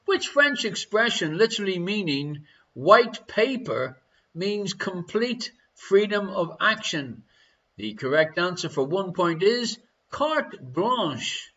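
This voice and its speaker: A man's voice: high voice, big pitch swings, slow pace, pushed and bright, highs cut off. An Irish man hosting a live online quiz from his living room, reading questions and answers with a jokey, chatty manner. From Ireland. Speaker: quiz show host.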